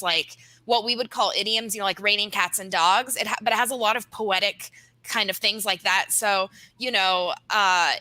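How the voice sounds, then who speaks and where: A woman with a bright, forceful voice co-hosts a casual film talk, explaining points eagerly and laughing through them. The sound is dry and close to the mic. She speaks at an ordinary pitch, with energy. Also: dry recording, poor audio. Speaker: co-host and translator. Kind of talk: casual discussion.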